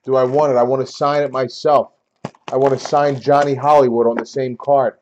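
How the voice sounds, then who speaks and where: A man hosting a sports card break live, talking casually and getting loudly exasperated, repeating himself. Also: mid-range voice, little pitch movement, brisk, dull audio, slight background noise. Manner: exasperated, repetitive, loud outbursts. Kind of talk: casual live-stream banter.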